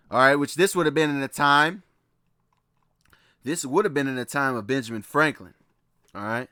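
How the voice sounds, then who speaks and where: A man talking his way through a slide lecture in a loose, easygoing manner, circling back to points and checking in with his listeners. His voice sits a little high and rings forcefully bright. The sound is close and dry, with no room around it. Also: no room sound. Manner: loose and repetitive, keeps saying "all right" and "man", laughs often. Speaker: presenter walking through slides. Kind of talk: casual lecture reading from slides.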